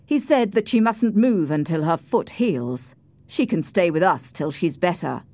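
A woman doing a courteous old-fashioned gentleman. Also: on the low side, expressive, unhurried, dry recording. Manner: polite, drops to a hushed whisper. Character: courteous gentleman neighbour, polite and discreet.

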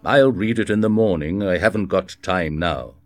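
A man's voice: low-pitched, normal speed, dry recording, lightly acted. A man voicing a brusque prison governor. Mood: dismissive. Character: blunt male prison governor, dismissive.

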